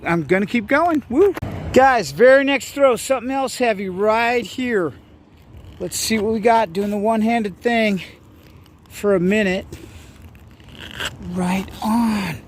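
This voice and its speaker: A man casually narrating an outdoor vlog by a lake, upbeat and rambling, with plenty of fillers and excited exclamations. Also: high voice, slight background noise. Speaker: vlogger.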